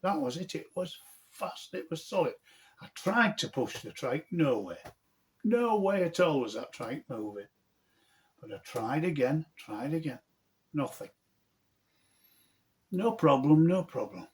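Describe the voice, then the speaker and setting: Animated man spinning a yarn. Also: fairly high pitch, measured pace. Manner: animated, colourful, earthy and self-mocking. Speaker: author telling his own story. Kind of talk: humorous personal storytelling.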